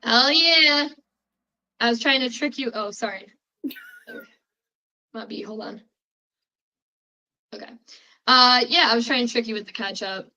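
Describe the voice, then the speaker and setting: Bright-voiced young woman with a Chicago accent. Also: fairly high pitch, a little slow, long pauses, rough recording. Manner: chatty and rambling, with many fillers and restarts. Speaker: podcast host running a quiz. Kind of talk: casual chat.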